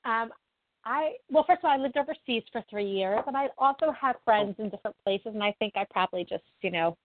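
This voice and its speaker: A woman's voice: a little high, animated, a little fast, a little hiss or hum. A woman from New Jersey, a guest on an interview, who answers modestly and gives earnest advice. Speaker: interview guest, nonprofit founder. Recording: dry, tinny phone-like line.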